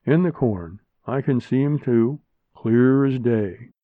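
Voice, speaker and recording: A man's voice: mid-range voice, takes it slowly, no room sound, lightly acted. A man voicing a plainspoken, agreeable older man in a storybook reading. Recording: narrow phone-like sound, dry.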